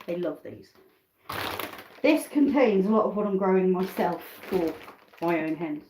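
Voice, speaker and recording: A woman's voice: on the low side, animated, measured pace, a little mellow, echoey room, a little hiss or hum, low-quality recording. A British woman chatting casually on a live stream from her home kitchen, rambling between tasks and asides. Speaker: backyard chicken keeper hosting a live stream.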